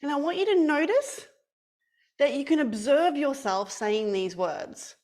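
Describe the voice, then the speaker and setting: A young woman teaching an online class for children, telling a story in an animated, playful, sing-song way. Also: high-pitched, a little slow.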